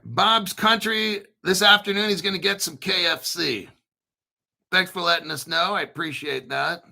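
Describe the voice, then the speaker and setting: A man's voice: sits high, normal speed, vocal fry, pushed and bright. A man hosting a crypto livestream, talking in a blunt, profane, rambling way and reading viewer chat aloud. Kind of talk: casual livestream commentary.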